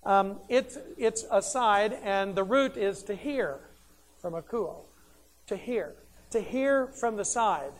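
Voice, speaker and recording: A man's voice: sits high, takes it slowly. A man preaching a sermon, emphatic and conversational, who asks questions and answers them himself.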